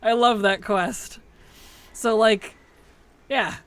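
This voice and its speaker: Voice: medium pitch, fairly even intonation, very slow, fairly bright tone, smooth. A streamer chatting casually while playing, laughing often and answering questions from chat.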